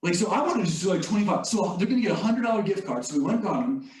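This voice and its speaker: High-voiced man telling a leadership story. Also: lively intonation, very fast, a little mellow. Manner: storytelling, conversational with filler "like" and "you all". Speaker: leadership speaker. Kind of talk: motivational talk. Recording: echoey room, distant mic.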